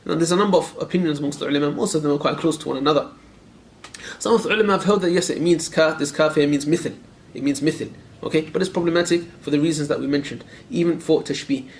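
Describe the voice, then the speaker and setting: A man teaching a room of students, his voice sitting a little high and moving at a quick clip. He presses them with direct questions and repeats phrases for emphasis. Verses are recited quickly, and a faint hum of ambience sits beneath him. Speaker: Islamic teacher. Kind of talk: classroom lecture on a creed text.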